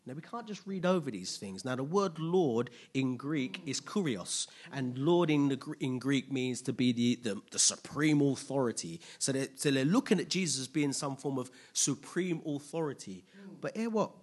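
A man preaching a sermon, asking rhetorical questions, making playful asides and building to loud, emphatic peaks. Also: mid-range voice, lively intonation, moderate pace, hardly any pauses, breathy edge. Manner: casual asides with playful humor.

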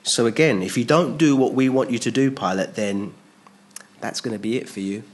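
A man teaching an expository sermon on a Bible passage. He voices the speakers in the text and rises and drops sharply in pitch and volume. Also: normal speed. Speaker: preacher.

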